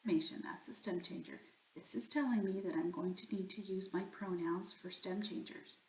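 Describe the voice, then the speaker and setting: A woman's voice: mid-range voice, normal speed, darkish tone, roomy sound, poor audio. A woman teaching a recorded grammar lesson, explaining patiently step by step. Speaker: Spanish teacher.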